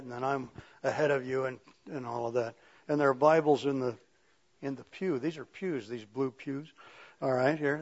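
Man preaching conversationally, muffled recording. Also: mid-range voice. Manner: conversational preaching, reads scripture slowly and emphatically. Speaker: pastor. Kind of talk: sermon. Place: church sanctuary with pews.

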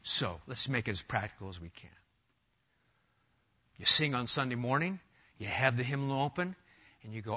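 A middle-aged man preaching a sermon as pastor, animated, swinging between loud emphasis and soft asides. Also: mid-range voice, moderate pace, long pauses, highs cut off.

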